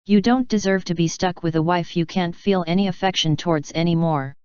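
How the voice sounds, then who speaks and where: A woman voicing a female pony who is a wife close to tears, defensive and hurt, in a very smooth, dry, lo-fi reading. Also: lowish voice, a little fast, darkish tone, no echo, natural voice. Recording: dull lo-fi.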